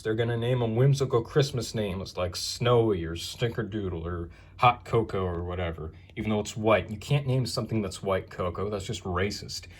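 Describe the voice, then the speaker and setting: A man hosting a video, narrating a casual show-and-tell tour with crude, wisecracking jokes and rambling asides. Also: medium pitch. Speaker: video host.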